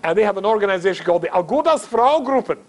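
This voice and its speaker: A man's voice: high voice, lively intonation, racing. A middle-aged man from Scotland, a rabbi giving a humorous storytelling talk, chatty and self-mocking, asking the audience questions. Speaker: rabbi, guest speaker.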